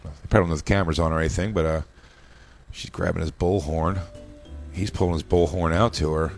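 A lower-pitched American man talks loosely in a studio podcast. He jokes crudely and laughs a lot, in relaxed banter with a co-host. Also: quick pace, soft background music. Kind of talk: casual studio chat.

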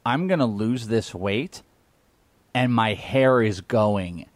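A man's voice: lowish voice, lively intonation, takes it slowly, dry recording. A man co-hosting a casual chat show, rambling, laughing often and restarting his sentences. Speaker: podcast co-host.

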